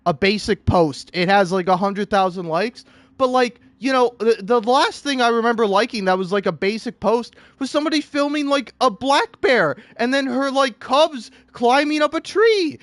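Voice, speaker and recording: A man ranting in a comedic way, exasperated and theatrical, swinging between shouting and muttering. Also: very high voice, lively intonation, normal speed, no room sound. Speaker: online video creator. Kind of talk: comedic rant.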